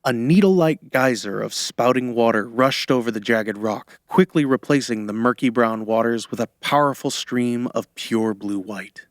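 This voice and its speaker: A man narrating a fantasy audiobook in a measured, steady storytelling style. His voice sits in an ordinary middle pitch. The sound is close and dry, with no room around it. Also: no room sound. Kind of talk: scripted narration.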